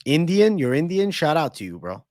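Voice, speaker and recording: A man's voice: fairly high pitch, big pitch swings, a little mellow, no echo, clean studio sound. A young man with a Northeastern American accent hosting a casual livestream Q&A, swearing freely as he banters with chat. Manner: casual, profane, banters with chat between quick celebrity impressions. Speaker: livestream host.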